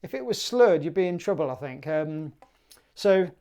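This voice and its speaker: A woman's voice: lowish voice, expressive, moderate pace, dark tone. A woman teaching clarinet for a music exam, upbeat and chatty, singing rhythms aloud.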